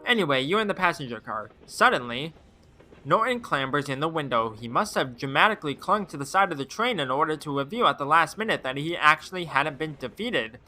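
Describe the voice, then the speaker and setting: A man streaming, reading a game's text aloud and adding wry, deadpan asides. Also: a little high, fairly quick, a little hiss or hum.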